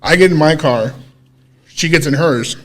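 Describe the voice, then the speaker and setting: A man co-hosting a podcast, casually telling a story in an animated way, swearing freely and acting out what people said. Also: on the high side, moderate pace. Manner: animated, swears freely, acts out quoted dialogue. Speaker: podcast co-host.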